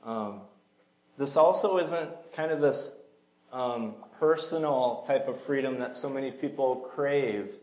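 A man's voice: mid-range voice, slow, a little mellow, reverberant, poor audio. A man preaching a sermon in a church sanctuary, earnest and conversational, with small fillers along the way.

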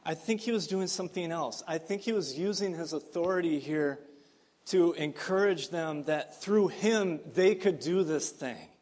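A man's voice: on the high side, a little slow, darkish tone. A man preaching a sermon as pastor, earnest and emphatic, with frequent fillers.

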